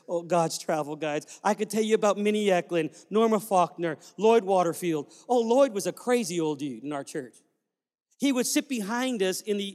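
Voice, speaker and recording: High-voiced preacher with a long hall echo. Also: male voice, darkish tone. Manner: storytelling, fervent, exhorting. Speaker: pastor. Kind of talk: sermon. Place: church sanctuary. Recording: reverberant church hall.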